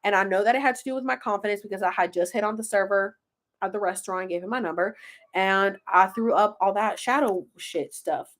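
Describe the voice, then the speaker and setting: This woman speaks fairly quickly in a mid-range voice with a fairly bright tone. She's hosting a casual livestream, pulling oracle cards and reading them aloud while she chats with viewers, laughing and swearing.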